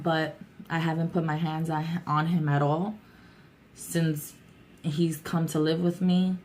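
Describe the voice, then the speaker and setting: A young adult woman talking candidly and warmly to her vlog viewers, with a chatty, heartfelt manner. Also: low-pitched. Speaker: YouTuber. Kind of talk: casual vlog talk.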